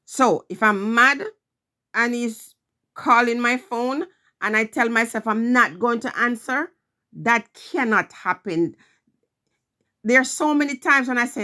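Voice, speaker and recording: A woman's voice: a little high, a little slow, pushed and bright. A middle-aged woman vlogging, telling a personal story in an earnest, emphatic way, repeating her phrases.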